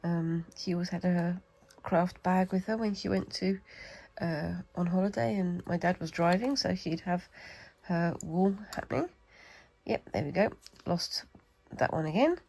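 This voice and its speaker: Gravelly British woman chatting while crafting. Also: lowish voice, a little slow, a little mellow, rough recording. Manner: chatty and rambling, talks to herself while working. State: has a cold. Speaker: craft vlogger. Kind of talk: casual demonstration while crafting.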